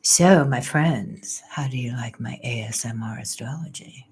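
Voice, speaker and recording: A woman's voice: very deep voice, a little slow, darkish tone, slight background noise, pitched below the performer's own voice. An older woman voicing a playful ASMR astrologer in a whispered role-play. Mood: teasing. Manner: teasing, playful.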